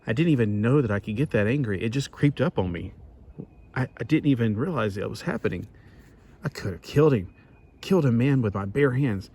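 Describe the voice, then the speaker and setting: A man reading aloud the lines of a young male superhero who is shaken after losing his temper, in a halting, self-reproachful way. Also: medium pitch, animated, a little mellow, breathy edge.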